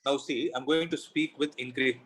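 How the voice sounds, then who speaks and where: A man's voice: mid-range voice, steady tone, moderate pace, fairly bright tone, rough recording. Man teaching physics with rhetorical questions. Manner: explains step by step with rhetorical questions. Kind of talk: classroom lecture.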